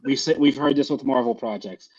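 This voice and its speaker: A man co-hosting a podcast in casual chat, animated and swearing as he acts out people's reactions. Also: medium pitch, brisk, no echo, dull audio. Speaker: podcast co-host.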